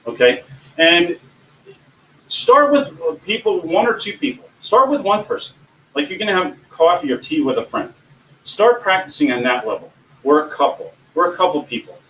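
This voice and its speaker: Animated man coaching from across an echoey room. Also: fairly high pitch. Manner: animated, varies his voice up and down. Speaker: presentation coach. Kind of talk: informal teaching talk. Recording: echoey room, distant mic, faint background hum.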